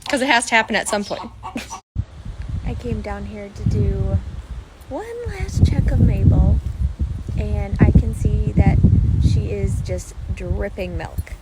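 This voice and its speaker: A woman's voice: medium pitch, takes it slowly, pauses often, heavy background noise. A woman vlogging on her farm, chatting hopefully to viewers as she explains what she sees, filmed on a handheld phone. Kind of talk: casual explanatory vlog narration. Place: farm barn and pasture, outdoors.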